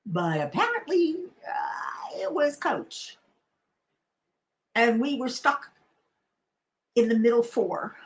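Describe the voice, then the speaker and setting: A woman's voice: on the high side, big pitch swings, takes it slowly, pauses often. A middle-aged woman hosting a casual live stream, chatting in a rambling way with many fillers and restarts. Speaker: crafting channel host.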